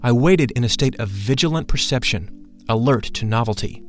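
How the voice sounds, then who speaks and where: Man, audiobook narration, measured and solemn, middle pitch, faint music behind. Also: animated.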